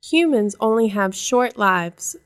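A woman's voice: mid-range voice, animated, takes it slowly, clear, resonant tone. A woman reading a storybook aloud and voicing a mermaid sister who scolds and brushes off her sibling. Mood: scolding.

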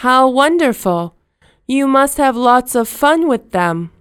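A woman voicing the girl Wendy, kind and curious, in a gentle storybook reading. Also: high-pitched, sing-song, takes it slowly, smooth, dry recording, studio quality, heavily acted.

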